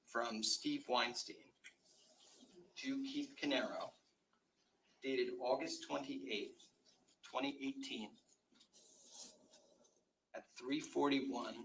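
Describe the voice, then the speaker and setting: A man working as a trial attorney, cross-examining a witness in a courtroom with measured, methodical questions. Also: medium pitch, gravelly, a bit bright, slight background noise, low-quality recording.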